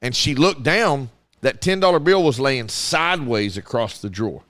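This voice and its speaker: A man co-hosting a casual talk show, telling a story in a lively, profane way and acting out the quotes. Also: mid-range voice, moderate pace, no room sound. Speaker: radio show co-host.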